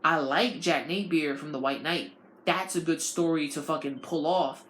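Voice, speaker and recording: A woman's voice: deep voice, moderate pace, slight background noise. A woman hosting a podcast, ranting in a casual, profane and rambling way. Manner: animated, profane, rambling delivery. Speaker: podcast host. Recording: roomy, with faint ambience.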